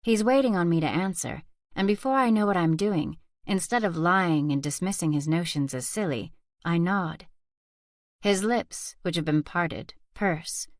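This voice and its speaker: A woman reading a first-person thriller audiobook aloud as narrator in a soft, steady whispered role-play. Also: on the low side, a little slow, no room sound, clean studio sound. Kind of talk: scripted narration.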